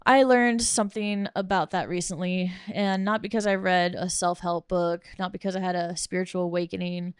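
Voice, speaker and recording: A woman's voice: on the low side, steady tone, normal speed, few pauses, clear, resonant tone, no echo, clean studio sound. A young woman hosting a podcast, ranting casually and bluntly with lots of swearing and sarcasm while reading from bullet points. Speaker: podcast host.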